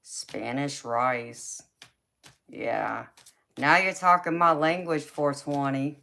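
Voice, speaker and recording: A woman's voice: very deep voice, takes it slowly, creaky, pushed and bright. A young woman with a Southern drawl chatting casually with her livestream viewers, reading their comments aloud. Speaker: livestream host. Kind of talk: casual chat with live viewers.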